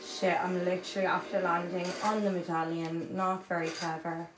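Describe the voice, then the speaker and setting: A woman's voice: fairly low pitch, little pitch movement, normal speed, over music. A young woman casually chatting to her viewers while she plays a game, swearing freely and shrieking when things go wrong. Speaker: livestreamer. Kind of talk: casual gaming livestream chat.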